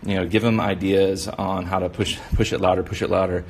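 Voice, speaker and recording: Low gravelly guy chatting while he draws, encouraging, lots of "you know"s. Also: flat delivery, brisk. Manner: rambling, encouraging, full of "you know" fillers. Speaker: kids' drawing instructor. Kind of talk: casual demonstration while drawing.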